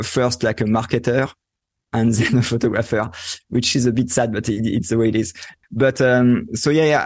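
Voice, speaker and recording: A man from France with a French accent, chatting as an interview guest in a halting, easygoing way with frequent laughs. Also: mid-range voice, dry recording, studio quality. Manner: hesitant, many fillers and restarts, laughs easily. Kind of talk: casual interview chat.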